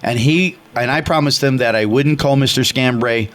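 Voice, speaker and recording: A man from Chicago co-hosting a radio talk show, telling a story loudly and animatedly, with acted voices. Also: medium pitch, moderate pace. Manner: loud and animated; passionate, retells dialogue with acted voices. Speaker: radio co-host.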